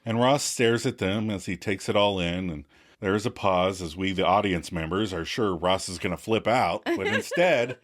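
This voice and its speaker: Animated man recapping a show. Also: moderate pace. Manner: animated, jumps into high shouty voices for quoted characters. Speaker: podcast co-host. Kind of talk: casual recap of a TV episode, acting out quoted lines.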